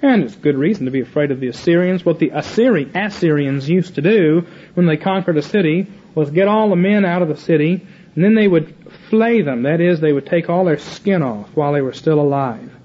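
Fairly quick and fairly high in pitch, this mellow voice belongs to an older man giving a Bible teaching lecture with a casual paraphrase of scripture and self-performed dialogue. Slight background noise sits under a muffled, lo-fi recording.

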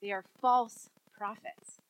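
A woman pastor preaching a sermon, telling a story in an animated way and acting out the voices in it. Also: mid-range voice, takes it slowly, muffled recording.

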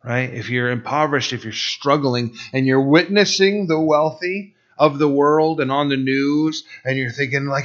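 A middle-aged man preaching in a casual, storytelling way, animated and acting out what people said, with many restarts. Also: on the high side, slow pace. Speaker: pastor. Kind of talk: conversational sermon with personal story. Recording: dull, slightly lo-fi sound.

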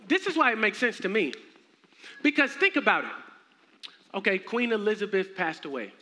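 Young male minister, high bright voice, playful slangy sermon, church hall echo. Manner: animated, slangy, humorous preaching. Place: church sanctuary. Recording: echoey hall, faint noise.

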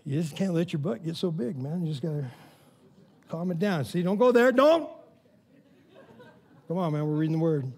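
A man preaching a sermon in a casual, animated storytelling way, often saying "man" and "all right", rising to loud, excited preaching. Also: fairly high pitch, a little fast, husky. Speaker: pastor.

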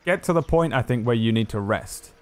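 A man narrating as game master in a tabletop game, relaxed and rambling with many fillers. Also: mid-range voice, a little fast, noisy background.

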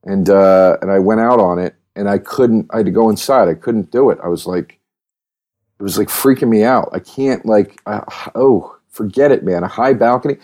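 A man hosting a podcast, rambling through a comedic monologue with profane, animated rants that keep second-guessing themselves. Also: lowish voice, normal speed.

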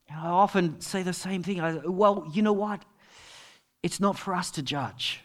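A middle-aged man preaching a sermon as pastor, telling stories and dropping to quiet asides. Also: sits high, measured pace. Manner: storytelling, with dramatic drops to quiet asides.

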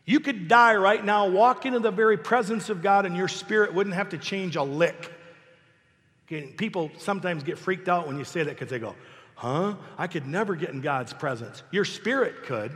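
A middle-aged pastor with a notably high voice delivers a lively sermon. He punches key phrases loudly, then drops into quiet, conversational asides. His voice carries a long reverb, as in a large church hall. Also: normal speed. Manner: animated preaching, swings between loud emphasis and soft asides. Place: church sanctuary.

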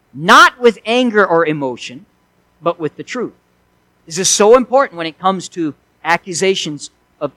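A man preaching an expository sermon, swinging between forceful emphasis and hushed asides. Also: high voice, dry recording, rough recording. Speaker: pastor.

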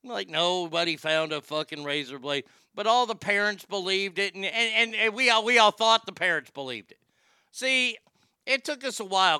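Middle-aged male comic host, profane ranter, crisp clear tone, loud-to-muttered swings. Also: high-pitched, normal speed, no echo, clean studio sound. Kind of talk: casual comedic rant.

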